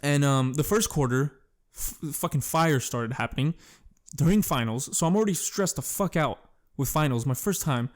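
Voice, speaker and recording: This is a young man doing casual solo storytelling as a podcast host, meandering through crude tales full of filler words and self-corrections. He speaks at a moderate pace in a slightly high voice.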